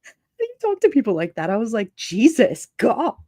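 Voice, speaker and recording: A woman's voice: fairly high pitch, wildly swooping pitch, fast talker, warm tone, no echo, clean studio sound. A woman hosting a livestream, chatting casually and reading viewer comments aloud, laughing often and slipping into quoted voices. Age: adult with children. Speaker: livestream host.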